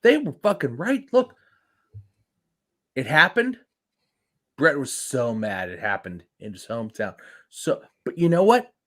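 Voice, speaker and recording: A man's voice: a little high, a bit bright. A man co-hosting a casual wrestling podcast, talking in a loose, rambling way and filling his sentences with "like". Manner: rambling, heavy use of "like", acts out quotes. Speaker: podcast co-host.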